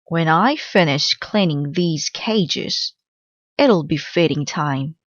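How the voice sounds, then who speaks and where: A woman's voice: low-pitched, animated, slow pace, no room sound. A woman voicing an earnest, caring young boy in a storybook read-aloud. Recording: slightly dull dry recording.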